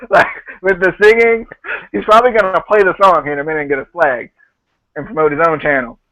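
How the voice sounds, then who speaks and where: A man hosts a casual podcast recap, retelling what people said in a loose, joking way. His voice sits a little high. The sound is dry and close, with no room around it. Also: steady tone, fast talker, fairly bright tone, dry recording, highs cut off. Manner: laughs often, quotes others in a loose retelling. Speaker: podcast host.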